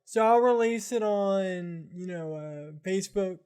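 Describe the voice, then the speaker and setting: A man's voice: sits high, unhurried, a little mellow, clean tone. A man who is a guest filmmaker in a casual chat, hesitant and often trailing off. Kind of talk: casual joking chat among friends.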